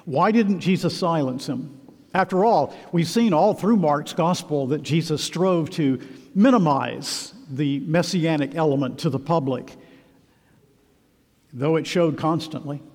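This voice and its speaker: A man preaching a sermon in a church, earnest and emphatic with measured pauses. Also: fairly high pitch, a little mellow. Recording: long reverb of a large hall.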